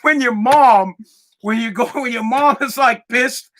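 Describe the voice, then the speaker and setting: A man's voice: very high voice, a little slow, fairly bright tone, slight background noise. A young man hosting a podcast in a rambling, profane, casual monologue, often breaking into laughter. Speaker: podcast host.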